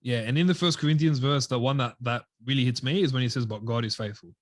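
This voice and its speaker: Soft-spoken man, dry sound. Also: medium pitch, quick pace, no room sound. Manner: heartfelt, often drops to a quiet voice. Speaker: podcast co-host. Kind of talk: casual faith chat.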